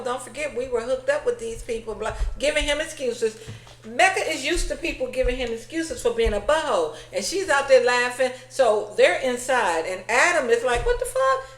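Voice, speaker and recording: A woman's voice: fairly high pitch, roomy sound, poor audio. A woman giving a blunt, sassy, casual recap of a reality TV episode, acting out the quoted lines as she goes. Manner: sassy, blunt, retells scenes with quoted voices.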